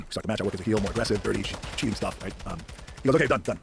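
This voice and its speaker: A man in his fifties, a podcast guest telling stories in a casual chat, animated and swearing freely. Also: lowish voice, racing, gravelly, noisy background.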